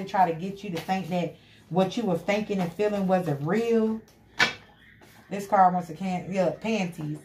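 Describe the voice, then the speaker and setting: A woman delivers a tarot reading in an emphatic, repetitive way. Her voice sits in a middle pitch. It echoes around the room over a loud bed of background noise. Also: moderate pace. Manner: emphatic, repetitive, frequent "you know what I'm saying". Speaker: tarot reader.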